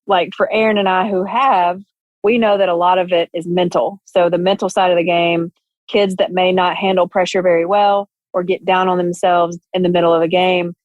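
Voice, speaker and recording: A woman's voice: fairly low pitch, a little mellow, dry recording, dull audio. A woman co-hosting a podcast who also coaches, asking long, thoughtful questions in a casual way. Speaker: podcast co-host, youth coach.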